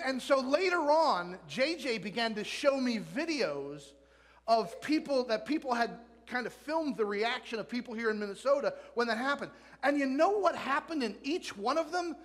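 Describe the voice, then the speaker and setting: A male pastor preaching a sermon in a lively way, asking the congregation questions and joking with them. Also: sits high. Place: church sanctuary. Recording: long church reverb.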